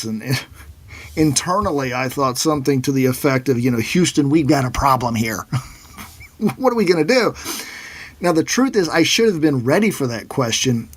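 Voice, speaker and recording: A middle-aged man, a financial planner, telling a personal story in a conversational, animated way. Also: medium pitch. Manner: animated storyteller who acts out quoted voices.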